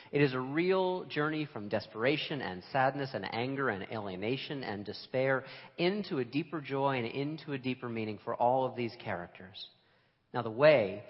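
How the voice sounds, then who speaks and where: A man preaching a sermon to a congregation in a relaxed, conversational and self-deprecating way, with emphatic moments. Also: medium pitch, in a large hall, dull audio. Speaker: pastor. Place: church sanctuary.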